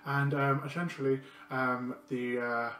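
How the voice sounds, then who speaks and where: A man's voice: medium pitch, flat delivery, a little slow, sharp tone. A man voicing a flustered male clerk who rambles hesitantly, recorded in a roomy space from a distance with faint music behind. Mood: fumbling. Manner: rambling and hesitant, many ums.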